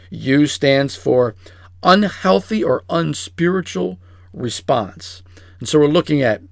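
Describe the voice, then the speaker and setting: A man's voice: vocal fry, no echo, studio quality. A man preaching a sermon in a conversational, storytelling way, now and then acting out quoted voices. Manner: storytelling, acts out quoted voices in a high pitch. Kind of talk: sermon-style teaching.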